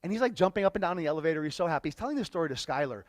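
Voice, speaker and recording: A man speaking to a live audience as a workshop speaker, telling a personal story in an emotional, halting way and often repeating words. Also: fairly high pitch, expressive, dry recording.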